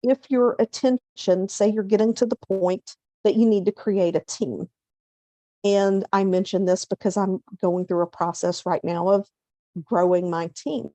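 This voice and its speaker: A middle-aged woman hosting a casual motivational talk, conversational, acting out inner self-talk and slowing down to stress key points. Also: medium pitch, fairly even intonation, mellow, no room sound. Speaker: hypnotherapist and coach, show host.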